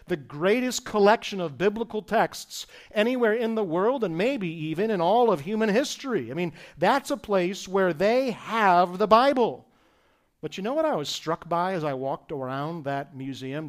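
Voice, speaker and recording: A pastor delivering a sermon in an earnest, emphatic way. His voice sits on the higher side for a man. He swings from rising, pressing points to quieter reflective asides.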